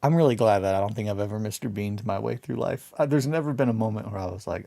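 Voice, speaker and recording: A man's voice: fairly low pitch, a little fast, creaky, dark tone. A man hosting a morning hobby livestream, chatting casually in a meandering way, laughing often and swearing freely. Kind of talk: casual rambling chat.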